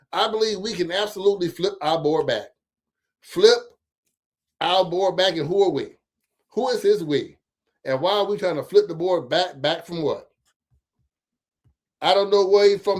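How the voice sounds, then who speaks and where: Animated profane man riffing to viewers. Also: high-pitched. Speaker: host of a local commentary stream. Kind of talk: casual political commentary.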